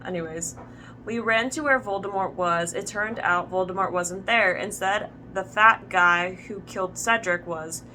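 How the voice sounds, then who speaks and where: A young woman reading fan fiction aloud as host, deadpan, with wry asides and stumbles over the words. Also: medium pitch, a little slow, a little hiss or hum. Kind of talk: reading fanfic aloud with commentary.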